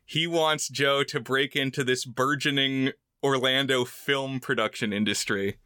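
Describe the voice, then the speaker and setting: A man co-hosting a movie podcast, recapping the plot in a relaxed way with joking asides. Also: medium pitch, unhurried, smooth, no echo, clean studio sound. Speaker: podcast co-host. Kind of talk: casual movie discussion.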